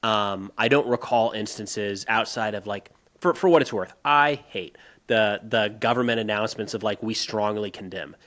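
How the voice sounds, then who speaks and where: A man co-hosting a podcast, talking through politics casually and turning animated and emphatic as he rants. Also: lowish voice, normal speed. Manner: animated, rising to emphatic outbursts when ranting; conversational with frequent restarts. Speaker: podcast co-host.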